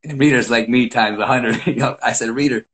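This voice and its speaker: A middle-aged man in a relaxed podcast conversation, telling coaching stories with plenty of energy. He speaks at an ordinary middle pitch. He acts out his own calls and shouts as he goes. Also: brisk. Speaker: wrestling coach. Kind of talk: casual podcast chat.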